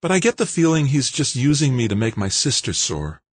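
A man's voice: medium pitch, sing-song, brisk, husky, no echo, voice pushed up. A flippant young woman, as a male narrator puts her on.

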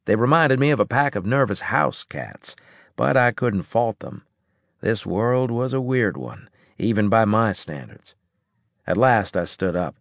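A man reading a first-person science fiction audiobook in a gruff, clipped way. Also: on the low side, lively intonation, unhurried, no echo, clean studio sound. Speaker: audiobook narrator.

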